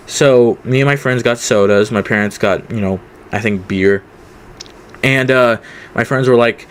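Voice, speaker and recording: A man's voice: mid-range voice, moderate pace, a little hiss or hum. A young man telling a casual storytime, rambling with many fillers. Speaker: vlogger.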